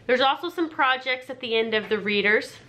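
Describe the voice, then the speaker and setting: A woman who homeschools her children, talking through reading books in a relaxed, chatty way. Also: high-pitched, a little fast. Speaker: homeschooling parent. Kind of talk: casual explanatory vlog.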